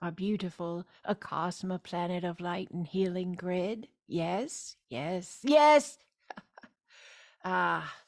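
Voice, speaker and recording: A woman's voice: fairly low pitch, steady tone, slow pace, vocal fry. A woman hosting a spiritual gathering over a video call, stretching out her vowels and breaking in often with emphatic cries of yes. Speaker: spiritual teacher hosting a group meeting. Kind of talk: slow meditative spiritual talk.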